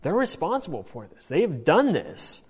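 A man giving a Bible study lecture in an animated way, often checking in with "right?". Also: fairly high pitch, normal speed, slightly rough, long reverb tail. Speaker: Bible teacher.

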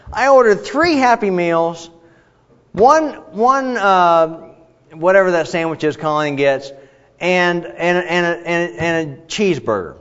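Male preacher, animated self-deprecating storyteller, dull lo-fi church recording. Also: sits high. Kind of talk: sermon with personal anecdotes. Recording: echoey hall, dull lo-fi sound.

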